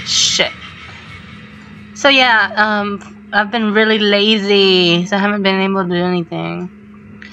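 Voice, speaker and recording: A woman commenting on her own gameplay, excitable and swearing, with startled shrieks. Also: medium pitch, poor audio. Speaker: gamer. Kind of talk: let's play commentary.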